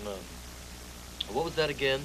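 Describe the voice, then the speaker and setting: A man's voice: medium pitch, expressive, normal speed, background noise, close to an everyday voice. A man voicing a fussy, flustered male bunny in a 1970s TV puppet show, stammering and polite.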